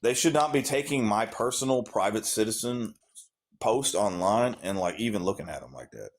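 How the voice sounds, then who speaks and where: A man's voice: fairly low pitch, lively intonation, normal speed, creaky. A man with a Southern US accent calling into a live debate, swearing and mocking as he argues. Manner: profane, mocking, drawling. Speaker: caller debating the host. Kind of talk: heated casual debate.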